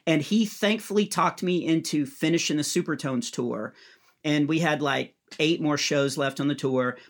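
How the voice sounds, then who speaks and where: A man's voice: fairly high pitch, moderate pace. A middle-aged man, a comedian and guest, telling a comic story and acting out the lines of the people in it. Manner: lively storyteller who acts out other people's lines.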